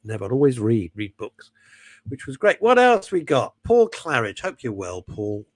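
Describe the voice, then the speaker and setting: A man's voice: medium pitch, huge pitch swings, moderate pace, dry recording, studio quality. A man hosting a radio show, chatting casually and digressively, reading out listener names and laughing at himself. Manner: reads out listener messages and names. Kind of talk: casual rambling radio chat.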